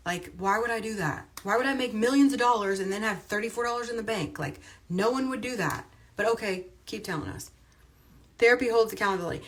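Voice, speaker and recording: A woman's voice: mid-range voice, fairly bright tone. A woman talking on a casual livestream, emphatic and chatty, often repeating her points.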